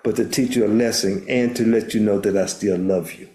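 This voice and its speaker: Brisk and mellow, his lowish voice stays fairly even in intonation. He is an older man from the U.S., a therapist and minister, earnestly telling a story in an interview as a guest while often restarting words; the recording echoes roomily.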